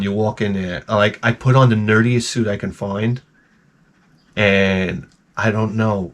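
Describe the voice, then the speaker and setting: Profane, rambling male vlog host. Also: medium pitch. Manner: jokey, exaggerated. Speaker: YouTube host. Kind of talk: comedic rant to camera.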